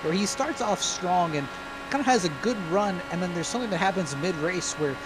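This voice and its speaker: A male color commentator with a slightly higher voice, working through race strategy out loud in an analytical way. He leans on the same words as he reasons. A faint noise hangs behind him. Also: a little fast. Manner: analytical, repeats "effectively". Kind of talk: live racing analysis.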